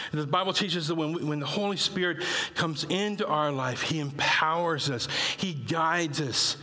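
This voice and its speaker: Male preacher, slightly high, bright voice, folksy with emphatic peaks, long hall reverb. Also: normal speed, hardly any pauses. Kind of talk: sermon.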